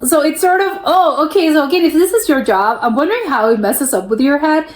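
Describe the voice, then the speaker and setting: A young American woman hosts a reaction video, chatting casually in a high, lively voice at a slightly fast pace. She restarts often and laughs frequently, and the room gives her voice a noticeable echo.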